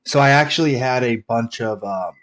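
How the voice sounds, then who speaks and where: A man's voice: medium pitch, normal speed, a bit bright. A man talking as a guest in a casual online chat, rambling with many filler words.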